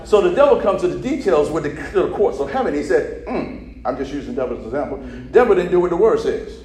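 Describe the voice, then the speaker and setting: A man preaching a sermon who keeps prompting his listeners to repeat after him and checks that they follow. His delivery swings from low murmurs to loud, shouted preaching. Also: sing-song, quick pace, slight background noise. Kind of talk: sermon with call-and-response. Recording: echoey hall.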